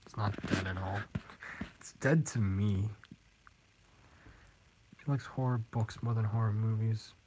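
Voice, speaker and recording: A man's voice: on the low side, unhurried, long pauses, darkish tone, a little hiss or hum, low-quality recording. A teenage boy streaming live, chatting casually with viewers and rambling with frequent giggles. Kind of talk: casual live-stream chat reading comments.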